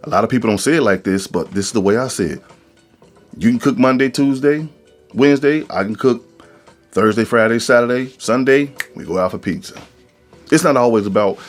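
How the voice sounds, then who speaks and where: A man hosting a podcast in a casual, animated monologue, preaching about relationships and acting out quoted voices. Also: lowish voice, fairly quick, faint music behind. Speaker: podcast host.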